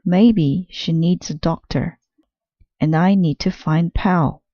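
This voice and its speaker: Arthur, a woman reading as a gentle boy. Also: lowish voice, takes it slowly, dry recording, dull audio. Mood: earnest. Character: kind worried boy aardvark.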